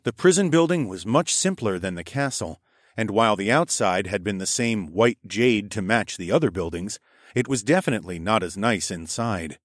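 A man with a lowish voice narrating a fantasy audiobook in the first person. His storytelling is measured and steady. The recording is dry and close, with no room echo.

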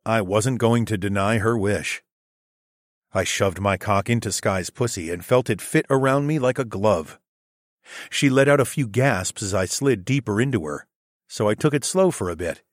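This is first-person audiobook narration from a man with a low voice, delivered at a normal pace. It's a dry recording with a clean studio sound.

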